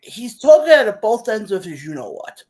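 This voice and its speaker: Brief: woman sports podcaster, sarcastic and emphatic, bright lively voice. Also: mid-range voice, normal speed. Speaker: podcast co-host. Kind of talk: casual sports talk.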